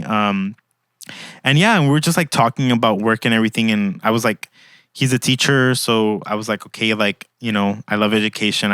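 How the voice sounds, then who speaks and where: A man's voice: lowish voice, clean tone, dry recording, clean studio sound. A young man hosting a podcast, telling a casual story full of "like" and acted-out quotes. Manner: chatty, heavy use of "like", quotes others in animated voices. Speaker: podcast host.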